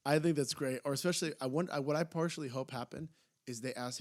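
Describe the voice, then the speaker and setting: Young male podcast co-host, mid pitch, casual and excitable, jumps high in his storytelling. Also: quick pace. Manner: excitable, jumps high when retelling funny moments. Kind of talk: casual chat.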